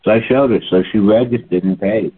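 A man in his late seventies telling a story in a chatty, animated way, as a holistic health practitioner. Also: fairly low pitch, fairly quick. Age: older. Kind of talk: casual monologue. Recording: tinny phone-like sound.

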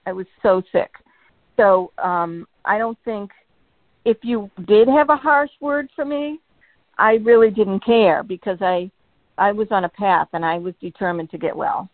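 A woman's voice: mid-range voice, unhurried, no room sound. A woman with a Massachusetts accent calling in to a show, speaking hesitantly with many restarts. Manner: hesitant, restarts, laughs easily. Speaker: caller. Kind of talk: phone call-in chat. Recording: dry tinny phone line.

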